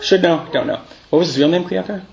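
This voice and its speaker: A man's voice: on the high side, fast talker, creaky, dull audio, a crowd in the background. Man teaching a Torah class. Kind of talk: live Torah class with students.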